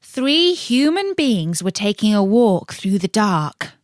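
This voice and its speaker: Taking her time, a woman gives a warm, playful, expressive reading of a children's bedtime tale. Her voice moves up and down with lively inflection, captured in a dry, close recording.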